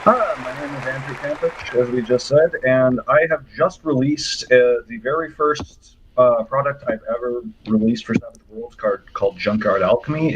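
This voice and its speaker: A man's voice: mid-range voice, rough recording. Guy introducing himself, lots of uhs, faint background noise. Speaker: guest game designer. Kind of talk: casual introduction.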